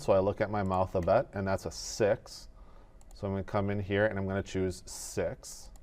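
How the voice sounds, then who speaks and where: A man teaching animation in a screen-recorded tutorial, explaining each step in a methodical, relaxed way. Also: lowish voice.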